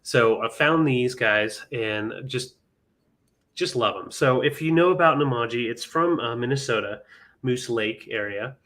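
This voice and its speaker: A man's voice: medium pitch, unhurried, fairly bright tone. A man hosting a live vintage sale stream, chatting casually with many ums and counting down bids.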